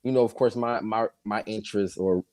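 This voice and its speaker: Low-voiced man, earnest and reflective. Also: steady tone, a little fast, darkish tone, no room sound. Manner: earnest and reflective, lots of agreeing. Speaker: guest hip hop artist. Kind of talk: casual conversation.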